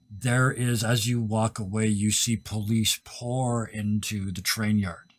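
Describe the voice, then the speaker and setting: A man runs a tabletop game as its game master, his low voice a little husky. He paints each scene in vivid detail and sinks to a near-whisper when the moment turns tense. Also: a bit bright.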